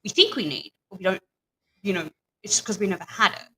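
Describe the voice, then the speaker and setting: Female radio co-host, sharp bright voice, hesitant musing style. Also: medium pitch, lively intonation, a little fast, slight background noise, poor audio. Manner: loose, hesitant musing with fillers. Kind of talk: casual talk radio chat.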